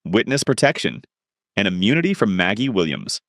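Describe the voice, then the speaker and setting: A man voicing a tough, stubborn male crime boss who gives gruff commands, in a storybook reading. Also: on the low side, big pitch swings, fairly quick, dry recording, clean studio sound. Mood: determined.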